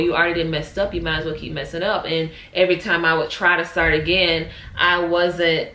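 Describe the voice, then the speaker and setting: A woman's voice: fairly low pitch, bright, forceful tone, echoey room. A young adult woman, candidly telling an emotional personal story in a vlog. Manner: emotional, candid, Southern-tinged slang. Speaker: vlogger.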